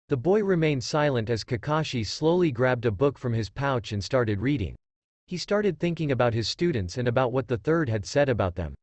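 A man reads a fan fiction story aloud in a steady storytelling manner. His pitch moves with lively swings, and the sound is dry and close to the mic. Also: dry recording. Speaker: story reader.

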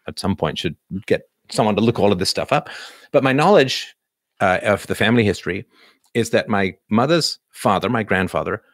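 Low-voiced man, dry close sound. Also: fairly bright tone, no echo. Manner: thinking aloud with many fillers, reading comments in a lifted voice. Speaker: livestream host answering viewer questions. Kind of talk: casual livestream Q&A.

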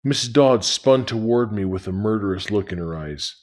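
A man's voice: fairly low pitch, lively intonation, moderate pace, a little mellow. A man reading a novel aloud, telling it in the first person. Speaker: reader.

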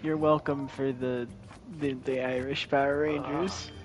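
A man's voice: medium pitch, level tone, unhurried, over music. A man joking apologetically during a card game stream. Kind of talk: casual gaming chat.

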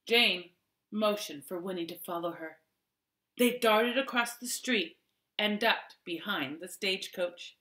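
A woman reading a children's novel aloud in a slow, careful storytelling manner. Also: mid-range voice, pushed and bright, reverberant. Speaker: audiobook reader.

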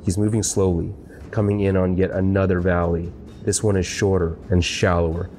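A man narrating a sci-fi audiobook in a steady, measured reading. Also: low voice, slight background noise. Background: faint music score.

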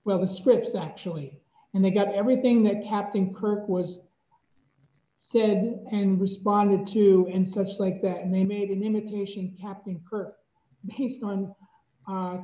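A presenter giving a relaxed, chatty tech demo at a club meetup. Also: medium pitch, a little slow. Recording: echoey, dull room mic.

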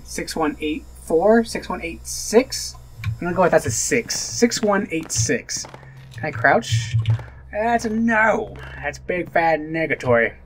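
Jumpy, animated gaming host. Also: male voice, fairly high pitch, slight background noise. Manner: jumpy, exclaiming and joking at the screen. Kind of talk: horror let's play commentary.

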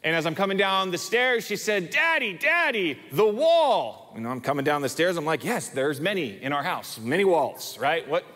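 A man's voice: on the high side, expressive, a little fast, hardly any pauses, fairly bright tone. A male pastor preaching a sermon in an emphatic way, often repeating words for stress. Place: church sanctuary. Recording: long reverb of a church hall.

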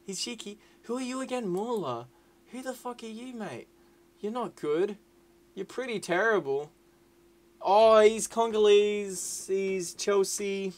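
A man's voice: sits high, unhurried. Rowdy, sweary young man. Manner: rowdy, sweary and excitable, swinging to loud whining outbursts. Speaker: gaming YouTuber. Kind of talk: casual gameplay commentary. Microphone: desk mic with webcam.

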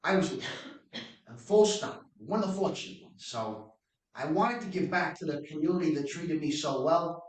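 A man's voice: a little high, normal speed, voice pushed up, natural voice. A man playing a wealthy mobster-style philanthropist in a general New York-area accent, testifying in a mock trial, recorded from far off in an echoey room. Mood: smooth. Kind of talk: mock trial witness acting.

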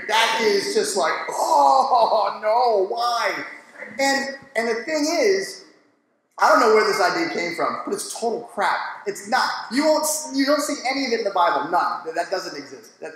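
A man on a church discussion panel, talking in a casual, animated, slangy and jokey way. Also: high voice. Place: church hall. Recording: echoey hall.

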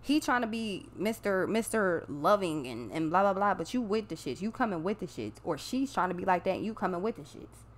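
A woman's voice: medium pitch, animated, fairly quick, hardly any pauses. Blunt, profane woman reading tarot. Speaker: tarot reader. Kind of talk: casual tarot reading monologue.

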